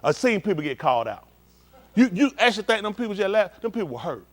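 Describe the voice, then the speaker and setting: Animated preacher. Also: male voice, high-pitched, quick pace. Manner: animated, shouting bursts, acts out scenes. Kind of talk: informal sermon. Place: synagogue hall.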